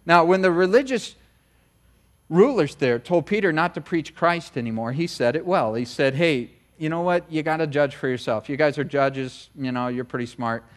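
A man's voice: fairly high pitch, normal speed. A middle-aged American man preaching a conversational sermon as pastor, often acting out short voices of other people. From United States.

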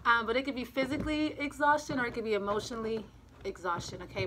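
A woman's voice: fairly high pitch, steady tone, fast. A woman who is out of breath gives a casual, rambling tarot reading to camera from the front room of her home. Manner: rambling, chatty, repeats herself. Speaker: tarot reader. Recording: home recording with clear street noise. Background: street noise, passing cars.

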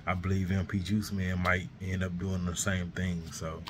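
A man doing a casual sports vlog, sounding baffled and repeatedly asking what is going on, his voice too worn for his usual high greeting. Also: little pitch movement, normal speed, background noise. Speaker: sports vlogger.

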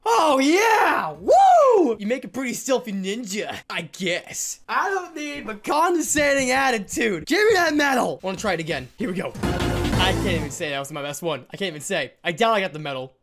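A woman chatting through a rhythm game in casual gameplay commentary, her pitch leaping up and down as she groans and cheers. Her tone stays self-mocking and animated, with faint game music playing behind her. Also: fairly quick. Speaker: gaming YouTuber.

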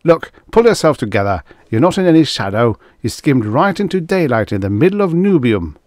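A man voicing a gruff, impatient male colonel who barks orders loudly in a vintage science fiction audiobook. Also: medium pitch, big pitch swings, a little fast, dry recording, studio quality, voice pushed up, lightly acted. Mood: barking. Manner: loud, barking, commanding.

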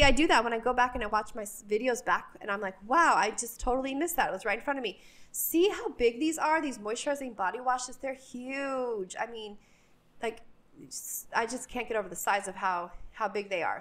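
A woman with a slightly high voice talks her viewers through a store on a handheld phone. She is chatty and enthusiastic, filling pauses with ums as she gushes over what she sees. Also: fairly bright tone. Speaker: shopping vlogger. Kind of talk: casual store walk-through narration. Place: inside a retail store.

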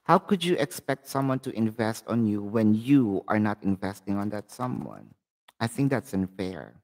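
A man's voice: fairly low pitch, sing-song, moderate pace, a little mellow. A man with a Filipino accent hosting a live tarot reading, speaking chatty and direct to his viewers. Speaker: tarot reader and channel host.

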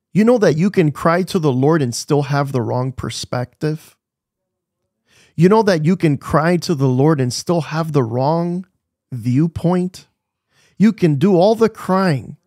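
A man's voice: on the high side, a little mellow, dry recording, clean studio sound. A man preaching a devotional sermon, asking the listeners questions and repeating his key phrases with emphasis.

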